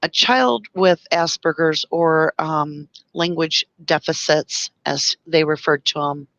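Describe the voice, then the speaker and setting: A woman's voice: low voice, slow pace, a bit bright, no room sound, highs cut off. A woman hosting a live stream, speaking with passion and emotion, reading viewer comments and explaining through long analogies. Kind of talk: impassioned live-stream talk.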